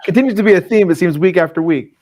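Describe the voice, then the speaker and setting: A man's voice: high-pitched, very fast, darkish tone. A man co-hosting a podcast who chimes in with short affirmations and playful asides. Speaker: podcast co-host. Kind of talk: casual podcast conversation.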